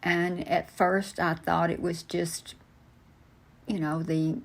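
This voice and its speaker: An older woman slowly telling a personal family story as an interview guest, with frequent pauses and fillers. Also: on the low side, flat delivery. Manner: slow, halting, many fillers and restarts. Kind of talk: personal storytelling, answering questions.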